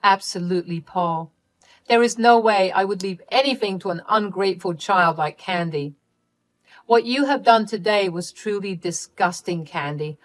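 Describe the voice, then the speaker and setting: A woman's voice: medium pitch, moderate pace, dry recording, natural voice. A woman voicing a stern, disappointed middle-aged mother in a read-aloud story. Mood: disgusted.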